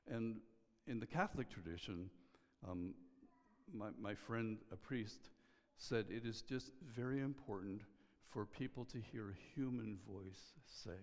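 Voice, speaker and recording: A middle-aged man, a pastor, preaching a sermon in an earnest, measured way, often dropping to a soft hush. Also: medium pitch. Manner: earnest, pausing, drops to a soft hush on key lines. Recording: long hall reverb.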